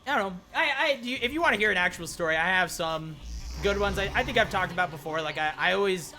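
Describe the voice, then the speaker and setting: A man's voice: high-pitched, animated, fast talker, sharp tone. A young man streaming a game, telling a long joke in a rambling way and acting out the people in it. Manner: rambling joke-teller, acts out quoted voices. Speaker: gaming streamer. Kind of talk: casual storytelling while playing.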